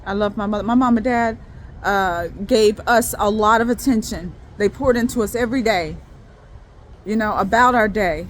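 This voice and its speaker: In a mid-range voice at normal speed, a woman who creates faith videos tells her viewers about her personal faith journey. The talk is casual and rambling, full of restarts and repeated words. There's a little hiss or hum on the recording.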